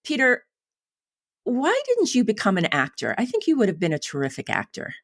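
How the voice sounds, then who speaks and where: A woman's voice: a little high, wildly swooping pitch, moderate pace, fairly bright tone. A woman hosting a writers' podcast, interviewing her guest in an encouraging, easily amused manner. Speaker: podcast host.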